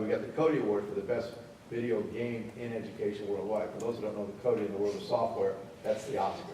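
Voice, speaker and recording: A man's voice: on the low side, a little mellow. A man speaking emphatically at a workshop to promote a program, repeating words as he starts a point. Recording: very echoey room, distant mic, faint noise.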